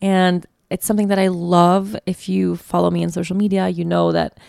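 A woman's voice: fairly low pitch, flat delivery, moderate pace, creaky, a little mellow, clear, resonant tone, dry recording, clean studio sound. A woman hosting her own podcast, talking in a casual, heartfelt, reflective way from a guest bedroom, often restarting her sentences. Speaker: podcast host. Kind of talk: casual solo podcast monologue. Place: guest bedroom, sitting on a bed.

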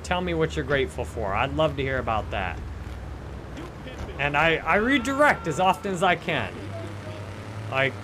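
A man's voice: a little high, a bit bright, a little hiss or hum. A middle-aged man hosting a podcast, talking earnestly and cheerfully about positive living, laughing often and acting out complainers. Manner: earnest, upbeat, laughs often, acts out complainers in mock voices. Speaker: podcast host and life coach. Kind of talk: casual motivational monologue.

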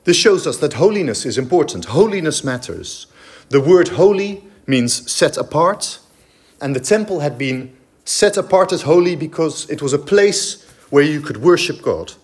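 A man's voice: fairly high pitch, very animated, normal speed. A man preaching a sermon in a church, emphatic and explanatory, with frequent fillers and restarts. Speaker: pastor.

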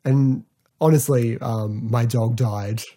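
A man's voice: mid-range voice, steady tone, slow pace, warm tone. A man hosting a podcast, chatting in a loose, rambling way about a TV show, full of fillers. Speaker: podcast host. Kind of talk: casual podcast review.

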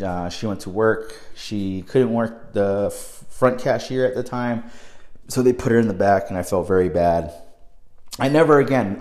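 A young man telling a personal story in a casual, profane, animated way, dropping low and then bursting into loud exclamations. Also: roomy sound.

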